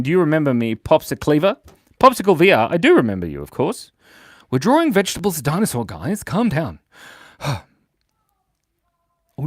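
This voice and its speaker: A playful man hosts a kids' drawing livestream, reading out chat messages in a casual way. His pitch swoops up and down all the time, from loud excited bursts to quiet mumbles. The sound is close and dry, with almost no room echo. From Australia. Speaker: livestream drawing host for kids. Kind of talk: casual live-stream chat reading comments. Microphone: mic set in a beard.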